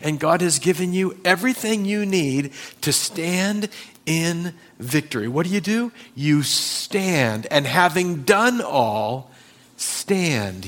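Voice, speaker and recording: Pastor, male, somewhat high voice, slow and emphatic sermon delivery, dramatic pauses. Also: a bit bright. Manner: emphatic, acts out Bible scenes in changing voices.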